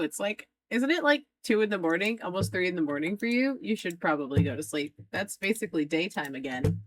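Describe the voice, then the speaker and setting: A woman's voice: lowish voice, expressive, fairly quick, slight background noise. A woman streaming a game live, chatting with her viewers in a playful, teasing way and laughing often. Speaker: streamer playing a farming game.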